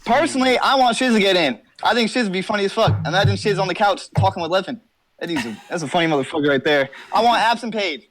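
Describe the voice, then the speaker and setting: A man's voice: sits high, expressive, quick pace, fairly bright tone. A young man talking from his car as an interview guest, joking, boasting and rambling with lots of swearing. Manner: brash, profane, rambling comic boasting.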